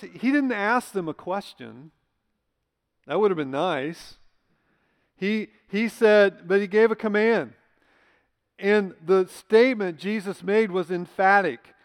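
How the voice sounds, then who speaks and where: A man pastor preaching a sermon in a church, emphatic and conversational, asking his listeners rhetorical questions. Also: high voice. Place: church sanctuary. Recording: long church hall reverb.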